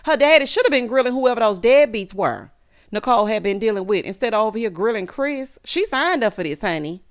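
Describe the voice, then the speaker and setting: A woman in her thirties giving a sassy, animated recap of a reality show, calling her viewers honey and child. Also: fairly high pitch, a little fast. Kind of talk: casual recap commentary.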